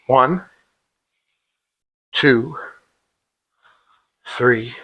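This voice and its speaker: Bright-voiced man calling exercise counts. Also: a little high, wildly swooping pitch, very slow, long pauses, breathy edge, rough recording. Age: middle-aged. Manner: casual, jokey, calls drill cadence counts. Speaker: fitness instructor. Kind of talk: demonstrating an exercise drill. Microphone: clip-on mic.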